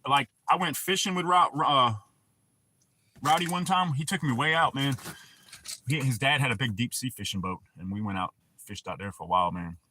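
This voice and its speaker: A man's voice: mid-range voice, normal speed, sharp tone, a little hiss or hum. A man hosting a livestream, telling profane, rambling stories in casual talk and answering his chat. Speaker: livestream host.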